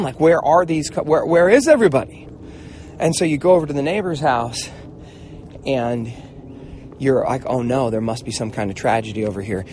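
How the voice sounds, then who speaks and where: A middle-aged man hosting a motivational mentoring talk, telling stories in a casual, animated way and acting out voices, with a swear word now and then. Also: mid-range voice, slight background noise. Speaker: host, mentor.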